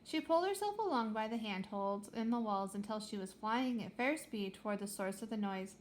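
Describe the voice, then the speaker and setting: A woman reading a children's space adventure aloud with lively, expressive storytelling. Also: mid-range voice, normal speed, a little hiss or hum. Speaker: reader.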